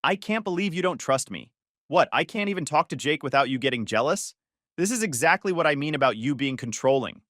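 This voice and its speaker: A man's voice: sits high, sing-song, moderate pace, a bit bright, no room sound, studio quality, voice pushed up, exaggerated voice. A man voicing a dramatic, manipulative young woman, falsely sweet and then accusing, in a slightly raised voice. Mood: defensive.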